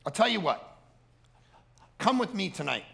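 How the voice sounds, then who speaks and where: A friendly, generous mechanic, put on by a man with a bright, gravelly edge. He talks in an upbeat, inviting way, friendly and easygoing. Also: high-pitched, sing-song, measured pace, voice pushed up, exaggerated voice.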